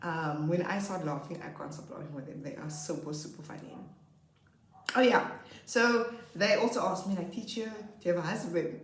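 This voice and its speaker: Chatty young woman in a roomy echo. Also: fairly low pitch. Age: late 20s. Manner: chatty, expressive, drawn-out emphasis. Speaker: grade 2 teacher. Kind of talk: casual storytelling vlog.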